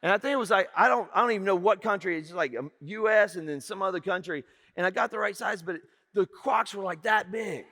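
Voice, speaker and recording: A man's voice: high-pitched, fairly quick, few pauses, sharp tone. A middle-aged male pastor, telling a humorous story in a church sermon. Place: church sanctuary. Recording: reverberant church hall.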